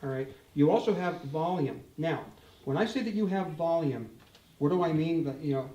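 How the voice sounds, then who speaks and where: An older man leads a live guitar talk, joking and animated as he speaks straight to the crowd. His voice sits a little high for a man. The mic hangs back at a distance, so the sound carries a roomy echo. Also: fairly quick. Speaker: guitar clinician. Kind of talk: live demo talk to an audience. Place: store event room with audience.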